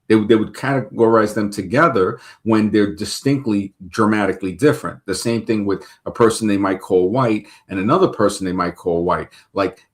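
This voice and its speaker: A man hosting a talk show, rambling with lots of restarts and repeated words. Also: fairly low pitch. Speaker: show host. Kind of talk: casual talk-show conversation.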